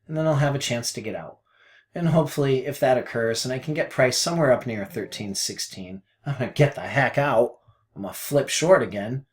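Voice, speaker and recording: A man gives casual screen-share trading commentary as a forex mentor, talking a little fast. He rambles and pokes fun at himself, swinging from low mutters to loud outbursts, and peppers his talk with folksy phrases and mild cursing.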